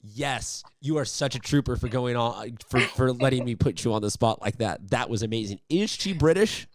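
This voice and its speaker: A man's voice: medium pitch, lively intonation, moderate pace, no room sound, studio quality. A man hosting a sports interview, upbeat and chatty, rambling with restarts. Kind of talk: casual interview.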